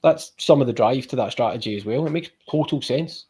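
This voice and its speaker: A man's voice: mid-range voice, brisk, dark tone, slightly rough. A man with a sore throat chatting on a football podcast in a rambling, jokey way. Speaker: podcast panelist. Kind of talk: casual football podcast chat.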